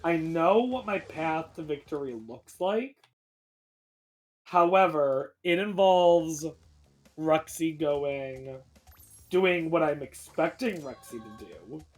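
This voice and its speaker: A man's voice: on the high side, expressive, slow pace, faint music behind. A man racing in a live game stream, thinking aloud in an anxious, rambling way. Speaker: speedrunner competing in a bingo race. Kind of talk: live gameplay chatter.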